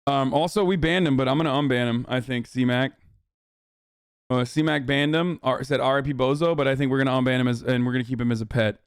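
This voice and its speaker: A man's voice: mid-range voice, steady tone, fairly quick, smooth, no room sound, studio quality. A man streaming live political commentary, rambling and emphatic, with heavy swearing.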